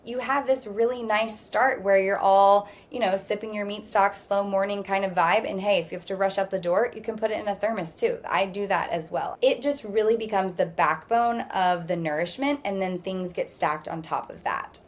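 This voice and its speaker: Calm, reassuring woman practitioner guest. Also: medium pitch, normal speed, hardly any pauses. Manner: steady, reassuring, explains at length. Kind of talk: calm explanatory interview talk.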